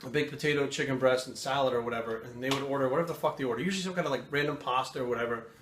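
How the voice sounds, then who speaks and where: A man hosting a fitness channel, chatting casually to camera at home in a fast, profane, animated rant. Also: mid-range voice. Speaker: fitness coach and channel host. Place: home kitchen. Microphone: camera mic. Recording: roomy echo, faint room noise.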